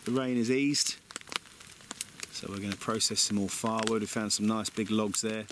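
A man's voice: lowish voice, steady tone, moderate pace. A man chatting to camera at a rainy woodland camp at night, upbeat and self-mocking as he cooks over a fire. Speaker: vlogger. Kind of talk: casual chat to camera. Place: woodland campsite outdoors in rain at night. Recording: loud rain and crackling outdoors.

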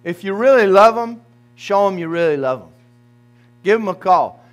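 A man's voice: high-pitched, animated, moderate pace. A man preaching a sermon as pastor, talking directly and folksily to his congregation.

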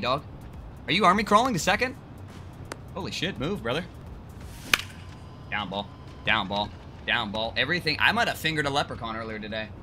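A man giving excited, joking gameplay commentary with crude trash talk and bursts of yelling. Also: fairly high pitch. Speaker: gaming video creator.

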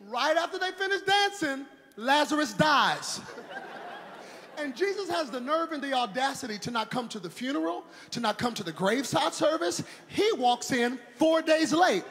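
A man preaching a sermon in a church, animated and shouting in a sing-song cadence with comic asides. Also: very high-pitched, moderate pace. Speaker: pastor. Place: church sanctuary.

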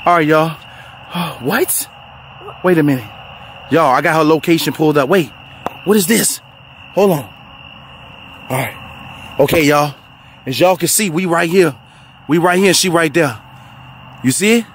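A man hosting a family skit vlog, talking excitedly to a phone camera, often shouting. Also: a little high, a little slow, long pauses, a little hiss or hum. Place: outdoors at night, then in a car.

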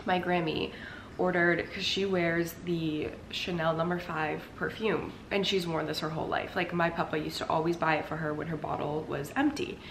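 A young woman chats to camera in a loose, rambling way, leaning on "like" again and again. Her voice sits a little low. The recording has a roomy echo and a faint hiss underneath. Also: steady tone, moderate pace. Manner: chatty and rambling, heavy use of "like". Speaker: lifestyle vlogger. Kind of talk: casual chat to camera.

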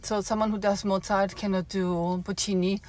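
A woman's voice: medium pitch, level tone, moderate pace, darkish tone, dry recording. Chatty woman vlogging from her car. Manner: chatty, explains with many fillers. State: slightly out of breath. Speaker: opera singer. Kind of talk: casual vlog explanation.

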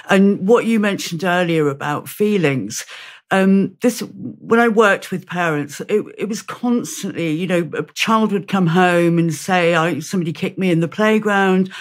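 A woman speaking as a guest in an interview. She talks hesitantly, restarting sentences and acting out short quoted examples. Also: fairly low pitch. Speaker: guest with experience working with parents. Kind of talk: conversational interview answer.

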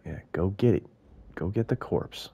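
A man giving live gameplay commentary, muttering and swearing to himself, with loud frustrated outbursts. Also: sits low, moderate pace, creaky, husky. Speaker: gaming video host.

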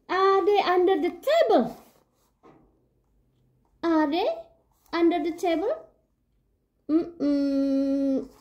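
A young woman reading a children's picture book aloud at story time, playful and animated, with gasps and giggles. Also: very high voice, very slow, long pauses.

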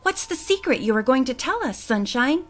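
A woman voicing a polite, bright young girl in a children's storybook reading. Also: high voice, very animated, moderate pace, soft background music. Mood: friendly. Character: young girl, Nan, polite older twin.

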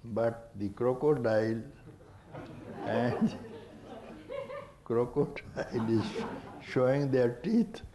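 Slow-spoken older man teaching. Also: medium pitch, wildly swooping pitch, a crowd in the background, low-quality recording. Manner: unhurried, teasing, prompts listeners with a questioning "hmm?"; chuckles often while talking. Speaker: spiritual teacher. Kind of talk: spiritual discourse to a gathering.

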